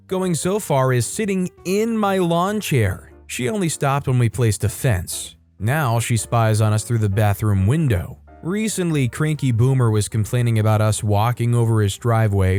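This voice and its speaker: A man's voice: mid-range voice, a little mellow. A man narrating online stories aloud, reading them out and adding wry comments between them. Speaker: story narrator.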